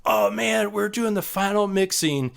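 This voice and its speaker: A man putting on the voice of an excited male musician friend, gushing with breathless, raised praise. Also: sits high, measured pace, creaky, clean tone, voice pushed up, full character voice.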